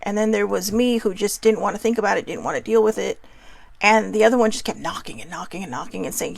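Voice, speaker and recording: A woman's voice: mid-range voice, quick pace, vocal fry, no room sound. A woman hosting a show, talking candidly and emotionally about her own healing, often restarting her sentences. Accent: Hawaiian. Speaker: host. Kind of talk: personal reflective monologue.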